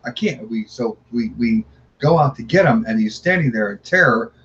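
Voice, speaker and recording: Halting middle-aged man recounting hauntings. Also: medium pitch, expressive, fairly bright tone, lo-fi sound. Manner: halting, repeats words, acts out quotes. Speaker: guest. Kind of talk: recounting paranormal experiences.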